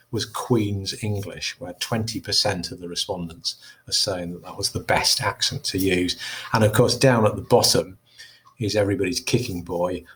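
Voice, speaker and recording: Male teacher, slightly low voice, measured recorded lesson delivery with ums. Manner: measured, explanatory, with frequent fillers. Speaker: English teacher.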